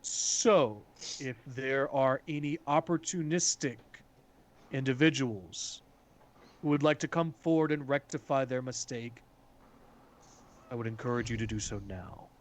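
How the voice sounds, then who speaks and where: A man playing a calm, authoritative male leader who speaks in a measured, formal way. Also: mid-range voice, natural voice. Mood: grave, formal.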